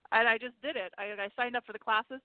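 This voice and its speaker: A woman co-hosting a political talk radio show, bubbly and quick to laugh. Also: fairly high pitch, fairly even intonation, no room sound. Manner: bubbly, laughs often, many fillers. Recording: dry tinny phone line.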